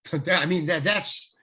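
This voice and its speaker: An older male actor, a guest on an interview, telling rambling, animated anecdotes full of restarts. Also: on the high side, slow pace, breathy edge. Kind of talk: casual storytelling interview.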